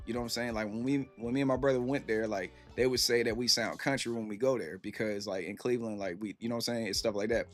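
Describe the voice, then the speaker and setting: A man's voice: mid-range voice, steady tone, fast, few pauses, faint music behind. A man from Virginia chatting casually on a live stream. He rambles with plenty of fillers and laid-back slang.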